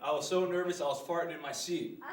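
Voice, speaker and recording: A young stand-up comedian works through a crude live set at a small club, cracking himself up as he goes. He talks fast in a steady tone on the high side, captured from a distance in a roomy venue with heavy background noise.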